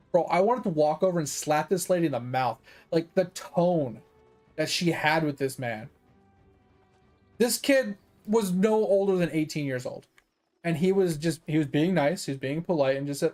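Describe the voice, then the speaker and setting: Profane ranting man, slightly high voice. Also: lively intonation, normal speed, darkish tone, soft background music. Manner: profane, fired-up storytelling; chatty, with many fillers. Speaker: gaming streamer. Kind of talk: casual livestream rant.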